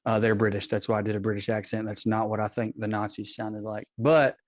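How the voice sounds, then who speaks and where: A man's voice: on the low side, level tone, fairly quick, no room sound. Podcast host, male, jokey and rambling, dry and slightly dull remote audio. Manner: jokey, rambling, self-deprecating. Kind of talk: casual podcast chat.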